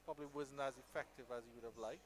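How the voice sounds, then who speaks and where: A man doing live cricket commentary, measured between balls and loud and excited on big shots. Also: mid-range voice.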